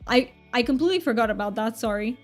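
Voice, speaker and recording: Over soft background music, a woman with a slightly high voice streams a game, chatting casually with her party. She's chatty and excitable, gushing with delight and letting out quick gasps.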